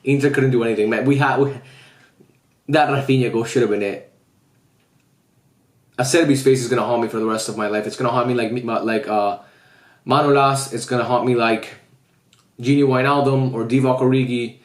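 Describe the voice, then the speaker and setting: Heartbroken after his football team lost, a man vents in a casual vlog, swearing often and speaking straight to his viewers. His medium-pitched voice is brisk and fairly even in intonation, broken by long pauses, with reverberant audio.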